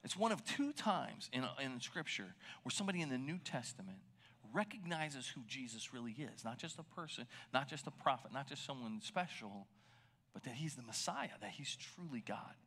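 Bright-voiced preacher, conversational and animated. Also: male voice, medium pitch, moderate pace. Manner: conversational, animated, drops to a near whisper for emphasis. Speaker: pastor. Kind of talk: sermon.

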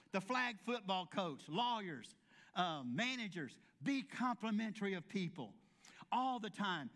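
A man preaching a sermon in a high-pitched voice. He tells homespun, funny stories and briefly acts out each person he quotes. His delivery is chatty and warm-humored. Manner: folksy storytelling with humorous asides. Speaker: pastor.

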